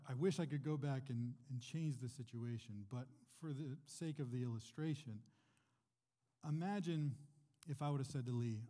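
A man's voice: medium pitch, mellow, big-room sound. A man preaching a sermon in a church, talking conversationally and asking his listeners rhetorical questions. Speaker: pastor.

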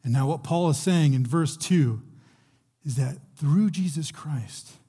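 A man's voice: a little high, takes it slowly, dark tone, breathy edge. A young man preaching a sermon in a conversational way, restarting phrases as he goes. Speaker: pastor.

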